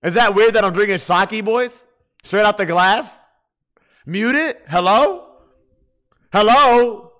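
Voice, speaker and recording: A man's voice: high voice, a little slow, a bit bright. A man streaming a game, tipsy from drinking and talking to his chat in a rowdy, profane way. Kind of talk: casual gaming livestream chat.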